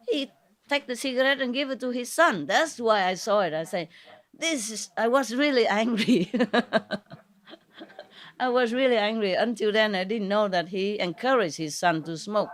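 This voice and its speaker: A woman spiritual teacher telling a gathering informal stories, in non-native English with dropped grammar and many fillers. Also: mid-range voice. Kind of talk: informal storytelling talk to a gathering.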